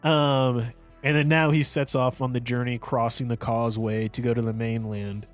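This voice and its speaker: A man's voice: mid-range voice, level tone, moderate pace, faint music behind. A man co-hosting a podcast, reviewing a movie in casual, rambling chat full of fillers and restarts. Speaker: podcast co-host.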